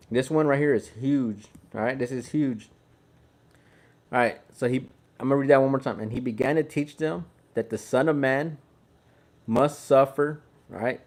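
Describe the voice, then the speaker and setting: A man's voice: mid-range voice, darkish tone. A man from Texas, reading the Bible aloud in a laid-back, chatty way and explaining it as he goes. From Houston, Texas. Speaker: Bible reader. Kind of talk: casual Bible reading with commentary.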